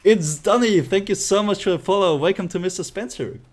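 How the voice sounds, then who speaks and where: A man's voice: high-pitched, a little fast. A man streaming live gameplay, playfully chatting with viewers and laughing often.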